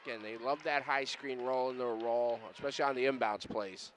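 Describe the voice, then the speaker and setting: A man's voice: medium pitch, steady tone, brisk, a little hiss or hum. A man who coached before, giving color commentary on a basketball game in an emphatic, teaching way and repeating his key points.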